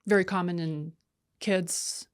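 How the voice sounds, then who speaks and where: Animated woman telling a coaching story. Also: lowish voice, slow pace, smooth. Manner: animated storyteller who acts out quoted dialogue; emphatic lists and repeated "right?". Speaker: podcast guest, leadership coach. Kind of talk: conversational podcast interview.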